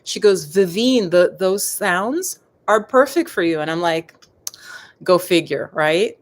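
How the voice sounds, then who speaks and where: A middle-aged woman with a slightly low voice talks casually on a live stream. She is chatty and digressive and keeps turning to her viewers. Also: lively intonation, slow. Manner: chatty and digressive, addressing viewers as "you guys". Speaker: yoga and meditation host.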